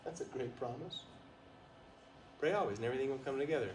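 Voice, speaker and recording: A man telling a story at a retreat, animated, laughing often and asking the listeners questions. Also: mid-range voice, fast. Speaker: guest speaker at a retreat. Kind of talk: storytelling talk to an audience. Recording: roomy, distant, faint noise.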